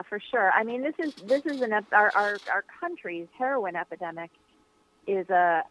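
A woman author answering interview questions, telling a personal story in an earnest, reflective way with frequent fillers and restarts. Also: lowish voice. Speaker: author, guest. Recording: tinny phone line, dry.

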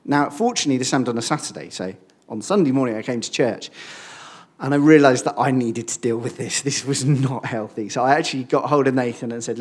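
A man, preaching a sermon and telling a personal story in a lively way, acting out the quoted speech. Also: medium pitch, brisk, breathy edge.

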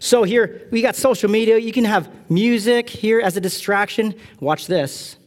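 A middle-aged man from California delivers a sermon in a fairly high-pitched voice. He tells animated, self-deprecating stories with lively asides. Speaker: pastor.

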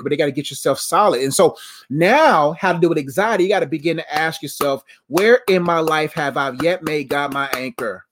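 A man, around thirty, answering viewers on a live stream as a Christian life coach, earnest and preachy, repeating phrases for emphasis. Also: fairly high pitch.

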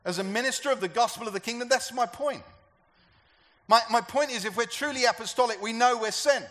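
Speaking with a very high-pitched, sharp voice at a fairly quick pace, a pastor delivers a sermon to his church. His tone is conversational, and he asks the congregation questions.

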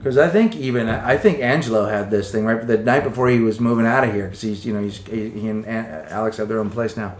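A man's voice: fairly low pitch, a little fast, few pauses, slight background noise. A middle-aged man co-hosting a casual comedy chat, swearing and joking with big laughs. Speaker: podcast co-host.

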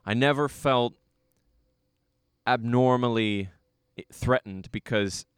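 A man's voice: mid-range voice, slow, smooth, no echo, clean studio sound. A young American man chatting casually, rambling through a travel story with lots of fillers. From United States. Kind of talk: casual conversation.

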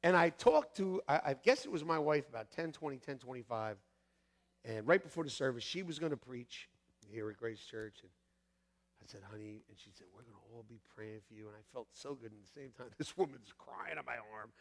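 A middle-aged man preaches in a church, telling a story with lively swings of pitch and bursts of shouting. His voice sits high and gravelly, carried in a long reverberant hall. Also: fairly quick. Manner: animated, acts out voices with shouts and laughs. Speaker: pastor. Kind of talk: storytelling sermon. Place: church sanctuary.

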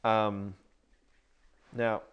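A man's voice: fairly low pitch, level tone, extremely slow, clean tone, lo-fi sound. A man co-hosting a casual faith podcast, rambling and correcting himself as he tells stories. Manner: rambling, self-correcting, storytelling. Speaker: podcast co-host.

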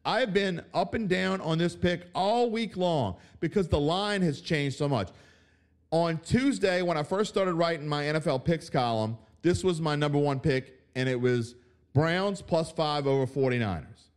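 A man hosting a sports betting podcast, ranting with mocking outbursts and dropping to low mutters. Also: moderate pace. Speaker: podcast host. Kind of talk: opinionated sports betting talk.

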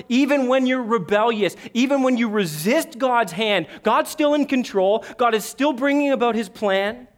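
Male pastor, high voice, emphatic sermon delivery with sudden hushed drops. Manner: emphatic, rising and dropping to a hush.

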